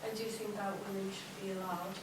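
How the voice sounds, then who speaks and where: A woman's voice: mid-range voice, flat delivery, brisk, lightly acted. A woman playing a firm critic of sexism. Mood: earnest. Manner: firm, confrontational. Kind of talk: improvised comedy scene. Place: workshop room. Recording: echoey room from far off, noise.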